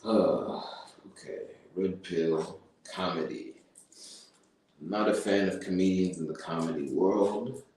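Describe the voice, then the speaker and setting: Low-voiced man rambling in an echoey room. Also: takes it slowly, long pauses. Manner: rambling, hums and chants nonsense syllables. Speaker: streamer. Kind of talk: thinking aloud while taking notes. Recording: very echoey room, mic far off, faint noise.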